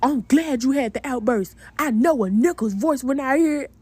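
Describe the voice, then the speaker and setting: A woman's voice: high-pitched, animated, normal speed, mellow, husky, pitched above the performer's own voice. A woman quoting her male date, a blunt man repeating curt refusals in her storytime vlog. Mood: alarmed.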